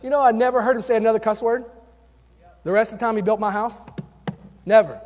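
A man's voice: high-pitched, fairly even intonation, quick pace, a little mellow. A man preaching a sermon as a youth pastor, earnest and conversational, telling personal stories from the pulpit. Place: church sanctuary. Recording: long hall reverb.

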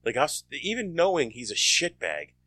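A man in casual chat, recalling details haltingly and repeating words. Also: a little high, huge pitch swings, pushed and bright, no room sound, clean studio sound.

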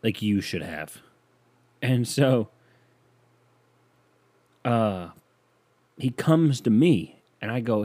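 On his comedic solo podcast, a young host spins rambling stories at his own expense into a studio mic. He speaks slowly and expressively with long pauses, his lowish voice carrying a darkish tone.

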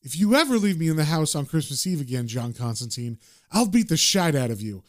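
A man's voice: on the high side, sing-song, brisk, pitched below the performer's own voice. A man reading aloud the lines of a blunt, teasing young woman.

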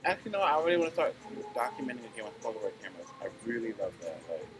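Male host, casual and easygoing, average pitch, noisy recording. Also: big pitch swings, very fast. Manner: laid-back, laughing, filler-heavy. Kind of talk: casual chat. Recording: noisy background.

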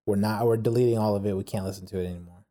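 Mellow-voiced chatty podcast guy. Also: on the low side, steady tone, very fast. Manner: chatty, full of "like" and rhetorical questions. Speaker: podcast co-host. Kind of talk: casual chat.

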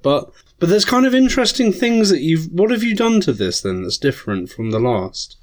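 A man co-hosting a casual podcast, chatty and animated while tasting drinks. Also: a little high, moderate pace. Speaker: podcast co-host, taster. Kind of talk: casual chat.

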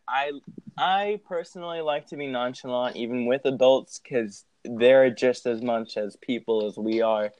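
A young man in casual chat, telling a story with lots of swearing and loud laughs. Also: mid-range voice, dry recording. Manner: animated, swears often, laughs loudly.

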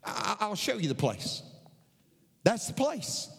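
A man's voice: high-pitched, big pitch swings, slow pace, creaky, slightly rough, long reverb tail. A man preaching a sermon in a folksy, conversational way, repeating his key lines for emphasis.

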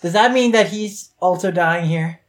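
A man's voice: sits high, normal speed. A man chatting casually about a manga, dropping wry, short remarks.

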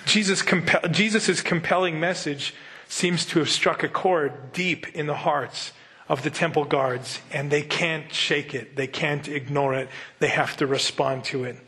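A man's voice: a little high, fairly even intonation, unhurried, pushed and bright. A man teaching a sermon in a conversational way, reading scripture and acting out quotes in little character voices. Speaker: pastor.

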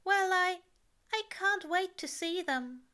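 A woman voicing an anxious, fussy male angel in a high, breathless way. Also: slow pace, pushed and bright, full character voice.

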